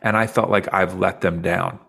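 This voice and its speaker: Gravelly low-voiced man telling his story. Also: fairly even intonation, moderate pace, a bit bright. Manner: earnest, reflective, openly emotional recounting. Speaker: podcast guest. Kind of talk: personal storytelling in conversation.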